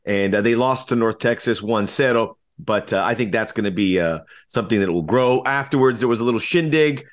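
A man's voice: medium pitch, fairly quick. A man co-hosting a casual sports podcast, upbeat and joking, with frequent fillers. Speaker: podcast co-host.

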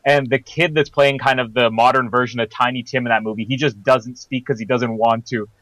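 A man's voice: medium pitch, fairly even intonation, brisk, fairly bright tone, dry recording, rough recording. A man co-hosting a podcast, chatting casually about a film and joking as he acts out bits of dialogue. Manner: chatty, jokey, acts out lines in put-on voices. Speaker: podcast co-host.

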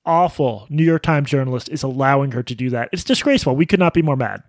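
A man co-hosting a podcast in casual banter, with sarcastic, deadpan jokes. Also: medium pitch, fast, no echo, studio quality. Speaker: podcast co-host.

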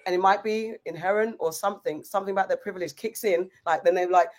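A woman's voice: fairly low pitch, steady tone, fast talker, darkish tone. A woman, co-hosting a podcast in casual, emphatic chat, asking pointed rhetorical questions. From England. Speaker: podcast co-host.

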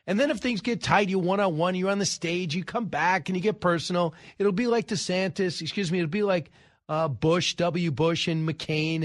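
Opinionated male talk radio host, fairly high voice, dry studio sound, sarcastic and brisk. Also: no room sound. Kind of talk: political talk radio commentary.

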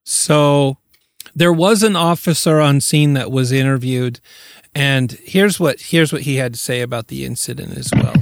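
A man's voice: mid-range voice, normal speed, creaky. A man hosting a podcast, recounting a case in casual chat and laughing easily. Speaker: podcast host.

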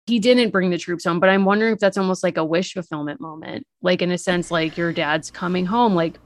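A woman co-hosting a casual book-discussion podcast, animated and acting out characters' lines. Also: on the low side, a little fast. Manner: animated, acts out characters' lines with rising excitement. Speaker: podcast co-host.

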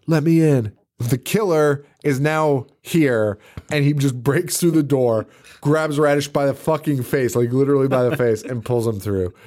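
Man, podcast co-host, casual movie recap, medium pitch, profane, laughing, mimics characters. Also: normal speed, a little mellow.

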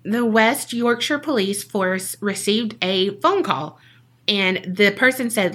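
A woman's voice: medium pitch, animated, slow pace, fairly bright tone. A woman co-hosting a podcast, telling a true-crime case in a casual, jokey way and acting out the people she quotes.

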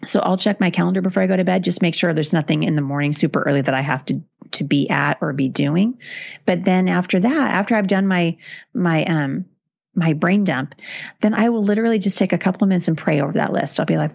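A woman's voice: fairly low pitch, fast talker, gravelly, darkish tone, no room sound, dull audio. A middle-aged woman, a guest author, talking earnestly and encouragingly in long flowing stretches. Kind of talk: casual interview chat.

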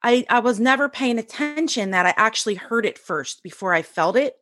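A middle-aged woman, a podcast guest, telling her story in a casual, animated way and acting out the voices of people she quotes. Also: a little high, fairly quick. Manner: animated, acts out quoted dialogue.

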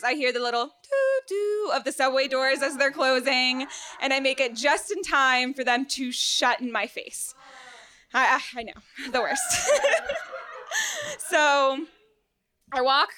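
Live on a theater stage, a Venezuelan woman in her twenties who grew up in South Florida tells a self-deprecating story about herself, lively and laughing often. Her voice sits high, with a little hiss or hum.

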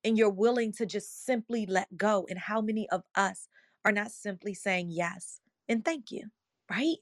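A woman's voice: medium pitch, normal speed, no echo, studio quality. A woman hosting an online audio room, telling a personal story in a passionate, emotional, earnest way. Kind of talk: passionate motivational talk.

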